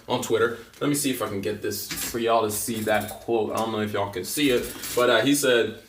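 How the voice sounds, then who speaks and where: A man's voice: on the low side, steady tone, fairly quick, fairly bright tone. A man rambling through a casual vlog monologue, loose and joking, with lots of fillers and slang. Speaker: vlogger. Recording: roomy echo, mic at a distance.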